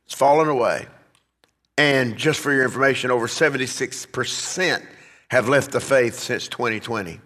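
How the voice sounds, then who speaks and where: A pastor delivers a sermon in a medium-pitched, somewhat bright voice at a moderate pace, building to emphatic, rising peaks as he hammers home his points. The recording has a long reverb tail.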